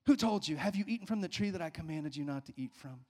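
A man's voice: on the high side, fast talker, in a large hall. A male pastor preaching a sermon with emphatic call-outs to the congregation.

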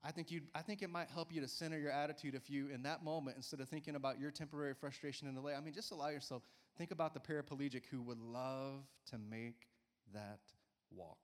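A man in his forties preaching a sermon in a church, energetic and coaxing, often urging listeners with "come on.". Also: medium pitch, fast. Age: 40s. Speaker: pastor. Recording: church hall reverb.

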